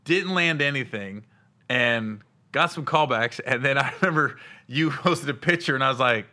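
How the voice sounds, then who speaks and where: A man with a medium-pitched voice speaking at a moderate pace hosts a casual podcast chat. A comedian, he tells stories loosely and with laughter, animatedly acting out quoted voices.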